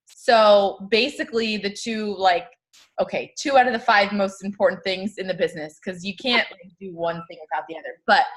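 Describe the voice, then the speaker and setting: A woman with a mid-pitched voice hosts a casual group call. She talks in a chatty, upbeat way, full of filler words, as she introduces the next guest. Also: moderate pace. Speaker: call host.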